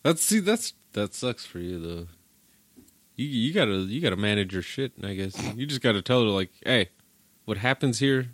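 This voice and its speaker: Male podcast host, lowish voice, dry close sound, profane joking chat. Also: sing-song, moderate pace, dry recording. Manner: profane, joking, laughs often. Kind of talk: casual chat.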